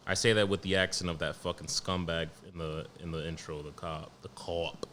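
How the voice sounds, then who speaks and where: A young man hosting a solo podcast, talking in a blunt, profane, joking way and reading news out loud. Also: sits low, steady tone, a little slow, a little hiss or hum. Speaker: podcast host. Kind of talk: casual solo podcast monologue.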